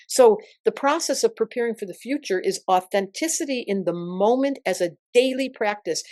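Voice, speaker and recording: An older woman, an astrologer guest in an interview, telling stories in an emphatic, expressive way. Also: mid-range voice, dry recording, clean studio sound. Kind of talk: interview conversation.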